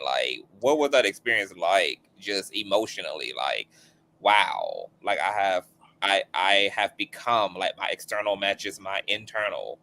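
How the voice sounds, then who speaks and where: A man's voice: low-pitched, slight background noise, poor audio. A man hosting a casual interview who keeps affirming his guest and asks reflective follow-up questions. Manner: affirming, steady "mm-hmm" backchannels. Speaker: interview host.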